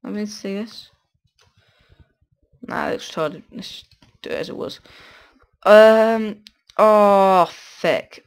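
A man hosting a gaming video on a headset, chatting casually to himself while he builds, swearing often and breaking into excited bursts. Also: sits high, slow, pauses often. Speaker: gaming channel host. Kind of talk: casual gameplay commentary.

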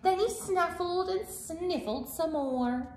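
A woman reading a picture book aloud to children as librarian, animated and singsong, asking them questions, in an echoey room. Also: very high-pitched, slow pace.

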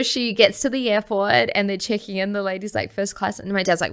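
A woman guest on a podcast, telling a personal story in a lively way, laughing often and acting out the voices she quotes. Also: medium pitch, fairly quick, smooth.

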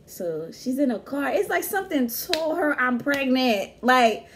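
Young woman host, lively higher voice, laughing storyteller, faint hiss behind. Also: unhurried. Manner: animated, laughing, slangy storytelling. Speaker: vlog host. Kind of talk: casual storytelling chat.

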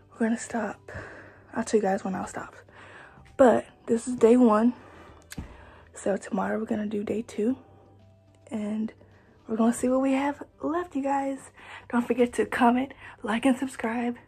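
Breathless chatty woman vlogger, low gravelly voice. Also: fairly even intonation, moderate pace, long pauses, dark tone, soft background music, low-quality recording. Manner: chatty, filler-heavy, addresses viewers as you guys. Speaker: fitness vlogger. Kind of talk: casual vlog talk to viewers.

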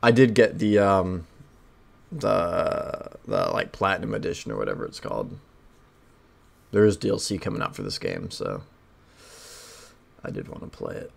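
Lowish gravelly guy playing a game, laughs a lot, swears when stuff surprises him. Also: very animated, moderate pace, long pauses. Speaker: gamer playing a video game. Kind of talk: casual let's-play commentary.

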